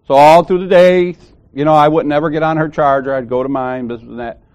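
A man's voice: a little high, steady tone, a little fast, a little mellow. A man who is a church elder, casually telling a personal story and acting out the dialogue, repeating phrases for emphasis.

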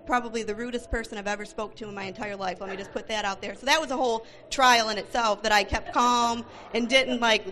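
A middle-aged woman giving a church testimony, telling her story in an animated way and acting out the dialogue. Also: fairly high pitch, fast talker, few pauses. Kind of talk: testimony sermon.

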